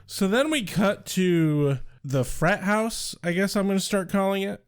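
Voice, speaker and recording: A man's voice: high-pitched, expressive, measured pace. A man co-hosting a podcast, chatting casually with dry humor and casual swearing. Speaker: podcast co-host. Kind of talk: casual chat.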